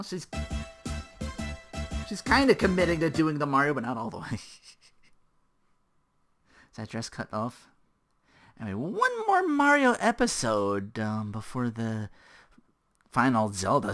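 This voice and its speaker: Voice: mid-range voice, sing-song, measured pace, long pauses, a bit bright, faint music behind. A reviewer giving casual reaction commentary over a show, chatty and riffing along with laughs.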